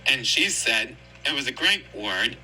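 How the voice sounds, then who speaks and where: A man's voice: medium pitch, expressive, measured pace, bright, forceful tone, a little hiss or hum, rough recording. A man casually retelling a cartoon episode in a rambling, repetitive way. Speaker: storyteller.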